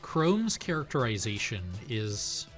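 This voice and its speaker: A man's voice: mid-range voice, big pitch swings, takes it slowly, soft background music. A man streaming a video game, chatting casually about it with a lot of rambling. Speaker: let's play streamer. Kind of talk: casual chat over gameplay.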